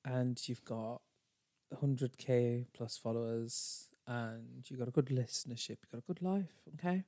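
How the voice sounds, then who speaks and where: A man co-hosting a casual podcast, teasing and animated, on a close podcast mic. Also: medium pitch, a little slow, dry recording. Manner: teasing, animated, jumps into playful role-play. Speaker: podcast co-host. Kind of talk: casual chat.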